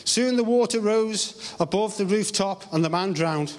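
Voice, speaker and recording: An English man preaches from the front of a church, his fairly high voice ringing out with a long hall echo. He speaks earnestly and slows down on phrases he wants to land. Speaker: pastor. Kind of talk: sermon. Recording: live stream with long hall reverb.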